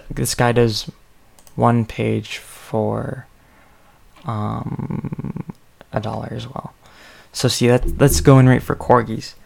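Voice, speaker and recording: A man's voice: medium pitch, gravelly, a little mellow. A man hosting a casual solo podcast, thinking aloud with lots of ums, sleepy and yawning. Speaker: podcast host.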